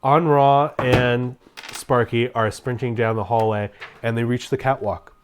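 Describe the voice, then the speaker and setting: A game master narrating a tabletop game in a relaxed way, with frequent "uh" and "um" and laughs now and then. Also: mid-range voice, measured pace, background noise. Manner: relaxed, laughs often, sprinkles in "uh" and "um".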